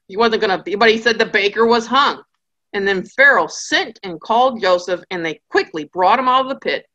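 A woman's voice: mid-range voice, animated, brisk, sharp tone, muffled recording. A woman giving a conversational Bible study lecture, with joking asides and acted-out characters.

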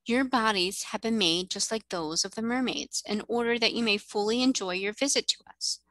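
A woman's voice: a little high, moderate pace, fairly bright tone, no room sound, voice pushed up, close to an everyday voice. A woman reading aloud, voicing a gracious, regal mermaid queen who explains things patiently. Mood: explaining.

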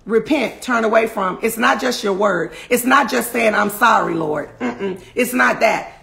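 A woman preaching and praying fast and passionately, often raising her voice to a shout. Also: a little high, creaky. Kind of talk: fervent online sermon and prayer.

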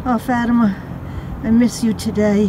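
A woman's voice: a little high, flat delivery, moderate pace, background noise. An older woman narrating a casual walking vlog outdoors on a hiking trail, chatty and self-deprecating, a bit out of breath, talking to herself as she goes. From New England, USA. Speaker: vlogger.

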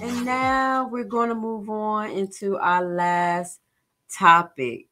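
A woman's voice: mid-range voice, slow pace, bright, forceful tone, soft background music. A woman doing reaction commentary, blunt and profane, mocking what she watches with dramatic bursts of disgust. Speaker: commentary vlogger.

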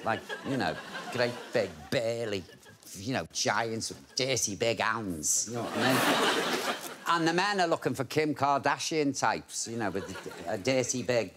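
Guy hosting a dating show, camp and teasing, lots of laughing, mid pitch, noisy studio. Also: lively intonation. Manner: camp, teasing, quick quips with frequent laughs. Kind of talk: cheeky studio banter. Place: TV studio with audience. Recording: loud background noise.

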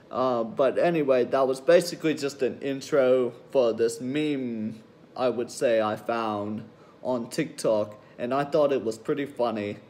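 A young man chatting straight to his viewers in a laid-back, unhurried way. He takes his time and pokes fun at himself. The tone is casual and loose. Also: mid-range voice. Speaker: channel host. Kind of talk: casual vlog intro.

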